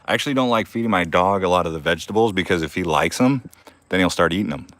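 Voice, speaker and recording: A man's voice: deep voice, expressive, fast, fairly bright tone, dry recording. A young man hosting a casual live-stream Q&A from his backyard garden, rambling and laughing often. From Arizona.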